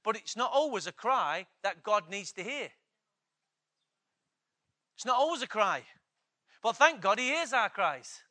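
A man's voice: high-pitched, sing-song, measured pace, pauses often, sharp tone. A man preaching a sermon, emphatic, repeating key phrases and asking the congregation questions.

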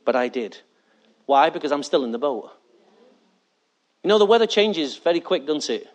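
A man's voice: fairly high pitch, lively intonation, normal speed. A male pastor preaching a sermon, emphatic and often asking the congregation for agreement.

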